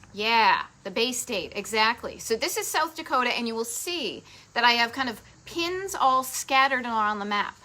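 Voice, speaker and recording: A middle-aged woman from Massachusetts with a Boston accent, hosting a live travel show in a bubbly, chatty way with quick asides to viewers. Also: on the high side, pushed and bright, a little hiss or hum, poor audio. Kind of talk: casual live-stream chat.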